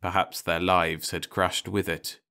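A man calmly reading a science fiction short story aloud as an audiobook narrator. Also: sits low, unhurried, gravelly, smooth.

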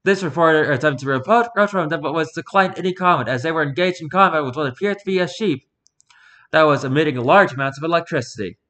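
A man's voice: fairly high pitch, quick pace, pushed and bright. A man putting on a news anchor voice to read an in-game news report aloud, stumbling and restarting words. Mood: formal. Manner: formal newsreader delivery with stumbles and restarts. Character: adult male news anchor reading a report.

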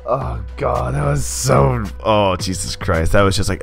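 A young man casually commenting on his own gameplay, excitable and rambling, swearing and laughing often. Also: mid-range voice, moderate pace, vocal fry, hardly any pauses, soft background music.

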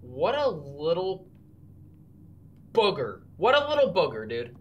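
An excitable gamer giving casual commentary on a horror game, chatting to the characters on screen and now and then bursting into loud yells. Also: mid-range voice, fairly quick, slight background noise. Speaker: let's play gamer. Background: background music beat.

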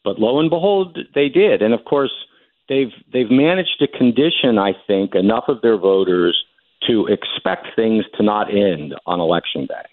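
A measured, skeptical man in his fifties, from New Jersey, calling in over a tinny phone line. His voice sits low and the line is dry and narrow. He weighs each point as a political journalist. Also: no echo. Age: 50s. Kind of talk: phone-in interview. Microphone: telephone.

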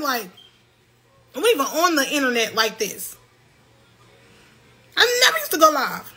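High, bright-voiced young woman ranting. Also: wildly swooping pitch, a little slow, pauses often. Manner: heated, repetitive, loud and profane. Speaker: livestreamer. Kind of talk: ranting to viewers on a livestream.

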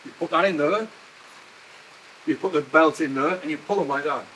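Animated older tour guide man. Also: a little high, moderate pace, slight background noise, low-quality recording. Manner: animated storyteller, laughs at himself. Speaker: museum guide and former miner. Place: indoor mining museum.

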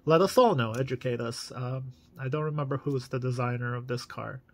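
A man's voice: mid-range voice, fairly quick. A man casually reviewing collectible toy cars in an enthusiastic, chatty way, full of fillers.

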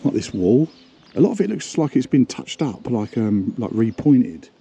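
A man's voice: medium pitch, big pitch swings, normal speed, gravelly, dark tone, husky. A man chatting casually to camera as a travel vlogger, rambling and self-deprecating. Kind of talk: casual vlog narration.

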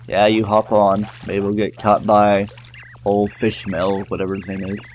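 A man's voice: fairly low pitch, monotone, unhurried, a little mellow, slight background noise. A man casually commentating his own gameplay as a let's play host, offhand and rambling.

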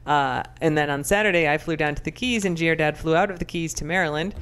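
Young woman podcast co-host, smooth clear voice, lively chatty storyteller. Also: low-pitched, fairly quick. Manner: animated, chatty storyteller with many fillers. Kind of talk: casual chat.

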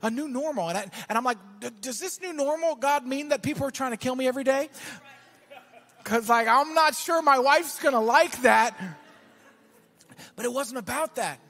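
A man preaching a sermon as pastor, telling a story and then building to shouted exhortation in a church. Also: very high voice, normal speed.

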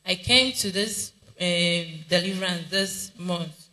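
A man with a Nigerian accent giving an earnest, halting church testimony. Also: high-pitched, bright, forceful tone, poor audio. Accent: Nigerian English.

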